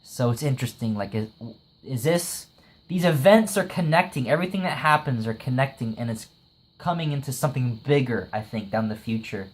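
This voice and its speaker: Excitable man reviewing an anime episode. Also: medium pitch. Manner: excitable, laughs often, many "like" fillers; retells scenes with quick acted quotes.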